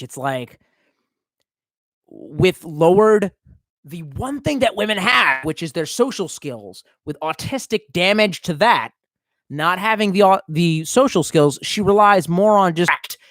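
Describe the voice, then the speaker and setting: A man's voice: sits high, animated, unhurried, a bit bright, no room sound. Tipsy, swearing male streamer. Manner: profane, rambling, swerving between mumbles and outbursts. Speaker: streamer reading chat. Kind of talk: casual live-stream chat.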